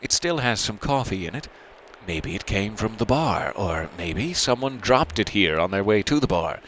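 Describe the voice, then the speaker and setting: A low-voiced man hosts a let's play of a narrative game, reading its text aloud in an expressive, up-and-down delivery. He breaks off now and then for dry, self-mocking remarks. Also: normal speed, slight background noise, poor audio.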